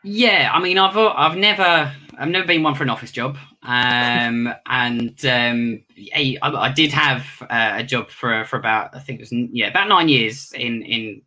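Bright-voiced ventriloquist, rambling. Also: male voice, mid-range voice, moderate pace, few pauses. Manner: rambling, with many restarts and self-corrections. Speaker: ventriloquist and magician. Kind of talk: casual interview answers.

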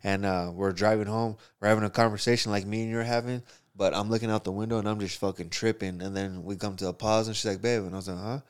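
Man, casual chat, quick profane storyteller with a clear, lowish voice. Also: steady tone. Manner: profane, rambling storytelling with quoted asides.

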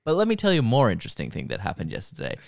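Animated swearing man recapping a show. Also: medium pitch, rapid-fire, creaky, dry recording, clean studio sound. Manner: animated, swearing, acts out quotes. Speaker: podcast co-host recapping a show. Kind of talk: casual chat.

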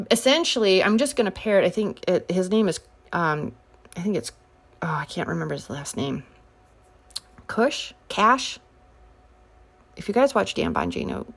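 A woman talks through political commentary in a casual, combative way. Her pitch swings widely, dropping low on asides and leaping up on sarcastic jabs. She sounds exasperated and mocking. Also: creaky. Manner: sarcastic, combative, rising to near-shouts on sharp points.

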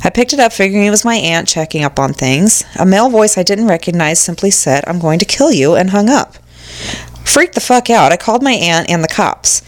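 A woman's voice: medium pitch, brisk. A woman co-hosting a casual podcast, reading listener stories aloud and reacting with exclamations. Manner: animated, reacts with exclamations and swearing.

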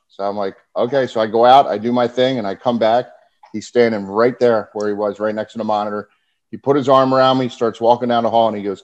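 A man's voice: medium pitch, fairly even intonation, fast talker, a little mellow. A man who is a former pro wrestler, a podcast guest telling stories casually and animatedly, often laughing as he talks. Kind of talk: casual storytelling. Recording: muffled lo-fi podcast audio.

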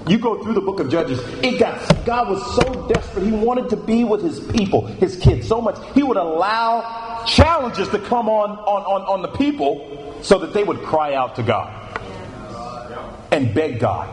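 A man's voice: a little high, normal speed. Echoey male preacher repeating phrases. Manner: animated, repeats phrases for emphasis. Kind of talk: sermon. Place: church meeting room. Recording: echoey room with faint noise.

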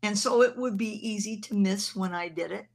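A woman's voice: mid-range voice, normal speed, gravelly. An older woman minister telling a personal testimony in an earnest, conversational way. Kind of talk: testimony storytelling.

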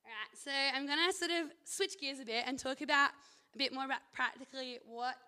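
A young woman, a Christian university student, gives a casual devotional talk in a high-pitched voice, enthusiastic and animated in quick bursts.

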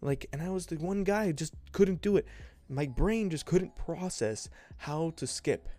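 A man's voice: fairly high pitch, lively intonation, measured pace, mellow. A young man hosting his own podcast, telling childhood stories in a rambling, profane, self-mocking way into a home mic. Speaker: podcast host. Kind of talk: casual rambling storytelling. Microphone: home desk mic.

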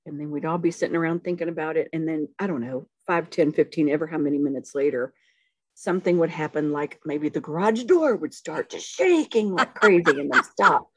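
A middle-aged woman with a Southern US accent, a podcast guest telling family stories in a relaxed, folksy way. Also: deep voice, brisk, slightly rough, no room sound. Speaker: podcast guest, the hosts' mother. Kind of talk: casual family storytelling.

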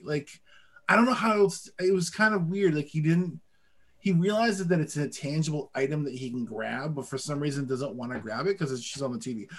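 A man co-hosting a casual podcast chat, animated and quick to swear and act out voices. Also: on the high side. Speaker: podcast co-host.

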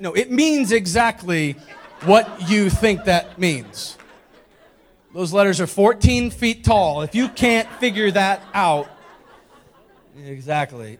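A young man delivers a comedic sermon in a high voice. His pitch leaps around as he jokes and teases, talking straight to the people in front of him. The tone stays playful and informal. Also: big pitch swings, unhurried, a bit bright. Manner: playful, teasing, talks straight to the congregation. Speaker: preacher.

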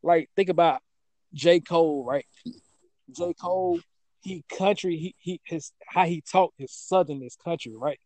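A man chatting casually about rap and regional style, musing in a loose, drawn-out way and often asking "you know what I'm saying". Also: a little high, darkish tone, no echo.

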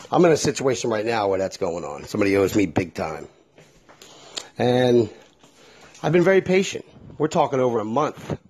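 A man's voice: lowish voice, a little mellow, breathy edge. A middle-aged man hosting a solo podcast, talking bluntly and with a lot of feeling, swearing freely as he speaks his mind. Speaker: podcast host. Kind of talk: candid solo podcast monologue.

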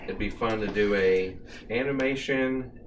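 A man co-hosts a casual podcast with a low voice, giving short, easygoing replies. He sounds far from the microphone, with faint noise around him. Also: a little slow. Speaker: podcast co-host. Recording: distant mic with faint noise.

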